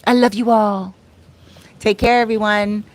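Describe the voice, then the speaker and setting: Her voice is mid-range and steady, her pace measured. She's a life coach streaming casually from outdoors in the Dominican Republic, warmly and effusively reading out what her viewers write.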